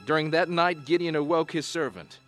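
A man narrating an animated Bible story in a measured, solemn storytelling voice. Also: on the high side, soft background music.

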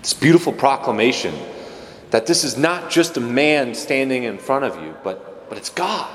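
A man's voice: medium pitch, lively intonation, moderate pace, long reverb tail, slight background noise. A man giving a casual, conversational homily as a priest, with joking asides and playful voices for the people he quotes.

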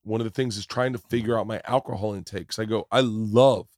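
A man's voice: on the low side, quick pace, no echo. Joking man, dry close sound. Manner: animated, swearing, joking. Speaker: podcast host. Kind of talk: casual chat. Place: tour bus.

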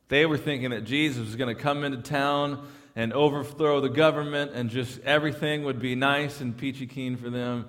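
In a church sanctuary with the sound of a large hall, a pastor with a mid-range, fairly bright voice preaches emphatically. He often restarts his phrases, repeating words as he does.

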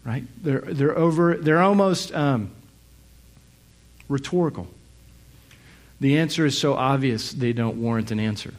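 A middle-aged male pastor preaching a sermon, reflective and searching, who asks many rhetorical questions and pauses on fillers. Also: mid-range voice.

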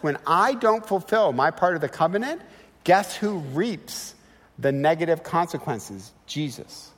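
A middle-aged man delivers a sermon with a lively, swinging delivery in a fairly high voice, pressing his points with rhetorical questions. His words carry a long reverb from a large church sanctuary. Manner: animated and emphatic, with rhetorical questions. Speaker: guest preacher.

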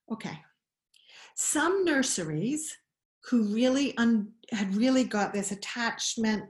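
A middle-aged woman explains her views in a conversational interview. She thinks aloud, pausing and restarting sentences as she goes. Her voice sits at an ordinary pitch, and the room around her adds a clear echo. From Scotland. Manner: thoughtful, many restarts and pauses. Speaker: guest expert on child attachment. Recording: roomy echo.

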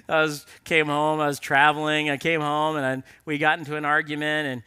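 A man's voice: fairly high pitch, little pitch movement, moderate pace, sharp tone, smooth. A man preaching a sermon in an earnest, conversational storytelling way, appealing directly to men in the audience.

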